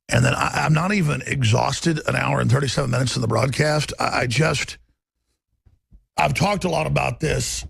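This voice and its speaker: A man's voice: medium pitch, fairly quick, gravelly, a bit bright, husky, no echo. A man hosting a talk radio show, delivering an intense, rambling, emphatic monologue.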